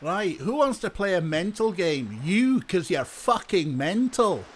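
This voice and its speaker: Screaming scottish boss, swears nonstop, way up high and bouncy. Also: male voice, sing-song, measured pace, slight background noise. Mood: ranting. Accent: Scottish, put on. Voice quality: shouty, foul-mouthed. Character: furious swearing Scottish male spin doctor host.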